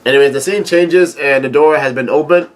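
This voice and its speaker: The clip is a low-quality home recording of a man excitedly reacting while reading a manga chapter aloud, his delivery halting often with fillers and restarts.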